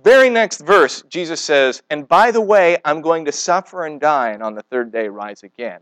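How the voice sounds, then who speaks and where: A man preaching with a lively, swooping delivery that stays a little high for a man. He tells stories animatedly, acting out the quoted speakers. The sound is dry and close. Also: normal speed, few pauses, no room sound, rough recording. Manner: asks the congregation questions. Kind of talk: sermon.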